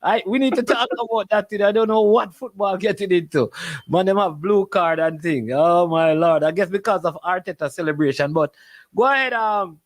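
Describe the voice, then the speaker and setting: A man's voice: high-pitched, normal speed, no echo. A man with a Jamaican accent hosting a sports talk show, chatty and repeating himself with "you understand me".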